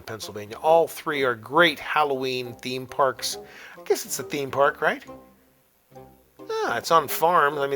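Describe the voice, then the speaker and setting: A man's voice: medium pitch, pushed and bright. A man hosting a call-in aftershow podcast, talking in a chatty, upbeat, rambling way with fillers and laughs between calls and sponsor reads. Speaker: podcast host taking phone calls. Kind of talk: casual radio-style chat and sponsor reads.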